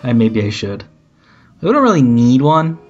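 A man's voice: mid-range voice, normal speed. Man chatting on a lo-fi call. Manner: relaxed, explains plans in loose rambling sentences. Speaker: game designer and game master. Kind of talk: casual pre-game chat on a voice call. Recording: lo-fi voice call with faint music.

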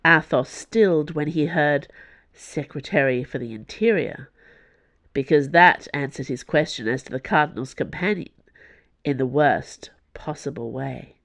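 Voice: moderate pace, creaky, no room sound. Dry, close audiobook narrator. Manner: even, close storytelling with quiet, lowered asides.

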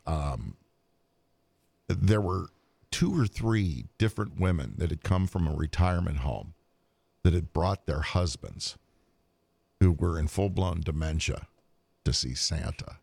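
A man with a low, gravelly voice tells a story in a casual podcast chat. He talks in an animated way, restarting and circling back as he goes. He is close to the mic in a dry room. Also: no room sound.

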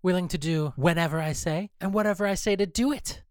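A performer playing a bossy, condescending young male radio host in a comedic audio sketch, talking deadpan and teasing his sidekick. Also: mid-range voice, a little fast, no echo, clean studio sound, close to an everyday voice.

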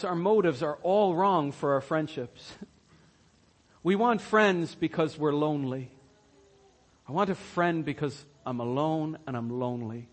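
A pastor preaching a sermon in a church, swinging from hushed, slow words to loud, soaring ones. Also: male voice, a little high, husky.

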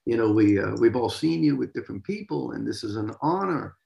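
A man doing an excited French bandleader. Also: mid-range voice, brisk, gravelly, roomy sound, dull audio. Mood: polite.

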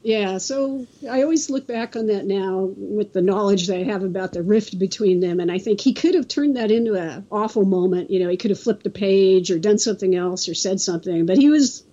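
A woman from California's Central Coast, a guest telling a story in a casual, halting way, often restarting and acting out the quotes. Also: medium pitch, dark tone, muffled recording. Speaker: interview guest.

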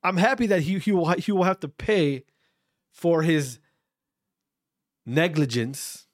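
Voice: medium pitch, animated, unhurried. A speaker giving an opinion rant to camera, emphatic and blunt, firing off repeated rhetorical questions and swearing for emphasis.

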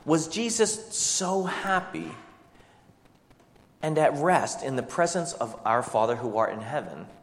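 Pastor preaching in a reverberant hall. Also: male voice, a little high, lively intonation, measured pace. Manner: rhetorical questions, shifting pace. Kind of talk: sermon.

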